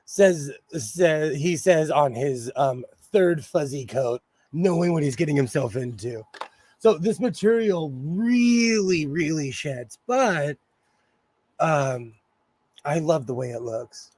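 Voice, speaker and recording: Chatty man with a slightly hoarse voice. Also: a little high, slow, a little mellow, no room sound. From Pennsylvania. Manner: chatty, laughs often, greets viewers by name. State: slightly hoarse, feeling unwell. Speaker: livestream sewing host. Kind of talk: casual live-chat while sewing.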